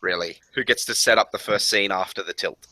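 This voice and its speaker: A man's voice: fairly low pitch, fairly quick, pushed and bright, no room sound, low-quality recording. A young man chatting casually as a player on a voice call, laughing often and explaining the rules. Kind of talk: casual game chat.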